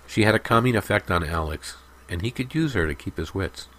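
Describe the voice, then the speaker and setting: A man narrating a story in a steady, even audiobook style. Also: low voice, a little fast.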